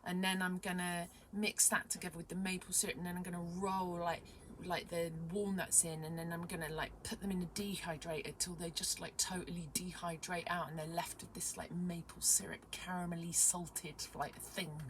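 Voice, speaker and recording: A young adult woman vlogging casually, rambling excitedly with many fillers and sometimes dropping to a whisper. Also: lowish voice, normal speed, a little hiss or hum. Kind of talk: casual vlog chat.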